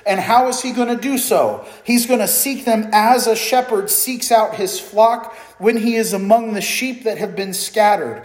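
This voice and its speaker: Male pastor, higher voice, emphatic sermon delivery with repetition, reverberant room. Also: normal speed, hardly any pauses. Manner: earnest, emphatic preaching with repeated phrases.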